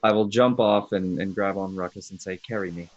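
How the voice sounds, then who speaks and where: A man's voice: sits low, steady tone, brisk, no room sound. A man playing a tabletop game, plainly describing what his character does. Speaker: player. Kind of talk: casual tabletop game play. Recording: dull lo-fi mic.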